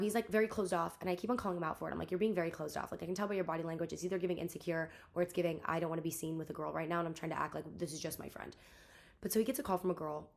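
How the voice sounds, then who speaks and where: A young woman in her twenties telling a rambling storytime vlog, venting and exasperated, full of "like" and acted-out quotes. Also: lowish voice. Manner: rambling, heavy use of "like", quoting others. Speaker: vlogger.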